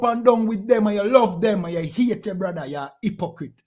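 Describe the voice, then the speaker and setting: A man's voice: sits high, moderate pace, darkish tone. A man with a Jamaican accent, preaching to a class in a scolding tone and firing rhetorical questions at his listeners. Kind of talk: impassioned preaching.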